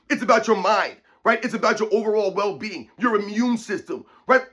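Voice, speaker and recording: High-voiced man ranting emphatically. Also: brisk, fairly bright tone. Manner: emphatic, repetitive, keeps addressing viewers as guys. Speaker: fitness channel host. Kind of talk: opinion rant to viewers.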